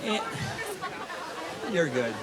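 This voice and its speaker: A man giving a folksy, halting wedding toast at a reception, telling a joke with many fillers. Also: mid-range voice, sing-song, crowd noise, background noise. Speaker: wedding toast speaker, family of the bride.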